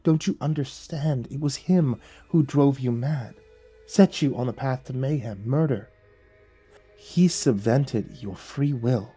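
A gentle, sorrowful male angel speaks softly and slowly, each word solemn and pleading, as a man puts him on. His voice is dark and mellow with a husky edge. He sounds patient even while delivering grave news. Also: mid-range voice, soft background music. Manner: soft, solemn, slow and pleading.

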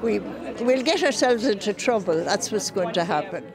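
An older woman, a parishioner, recalling a priest in a halting, joking way. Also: medium pitch, animated. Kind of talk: casual recollection. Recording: music and crowd behind.

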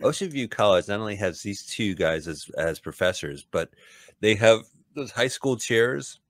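A man's voice: on the low side, animated, moderate pace, dry recording. A man hosting a podcast, giving jokey, casual commentary over a movie. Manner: jokey, riffs on the film, playful bits of voices. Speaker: podcast host.

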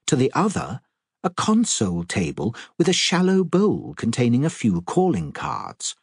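A man with a husky voice narrating an audiobook in an expressive storytelling manner. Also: lowish voice, no room sound, clean studio sound.

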